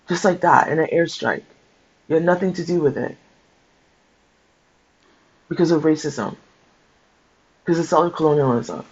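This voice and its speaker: A man with a fairly high voice reads from a book at a moderate pace, pausing often and slipping into casual, emotional asides of his own. He hosts a book-share, and the recording has a dull, lo-fi quality.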